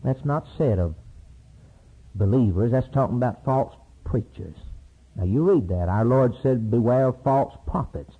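A male preacher delivers a sermon, swinging from loud high cries to low hushed storytelling. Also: unhurried, slightly rough. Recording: tinny lo-fi sermon tape.

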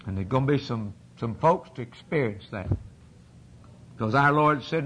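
A man preaching a sermon with fervent swings from loud, rising peaks to low, hushed lines. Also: lively intonation, moderate pace, slight background noise.

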